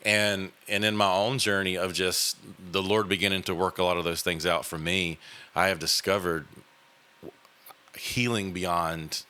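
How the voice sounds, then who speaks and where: A man's voice: deep voice, level tone, unhurried, sharp tone, clean tone. A man, hosting a podcast and telling a personal story in a casual, earnest way, with many fillers and restarts. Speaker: podcast host.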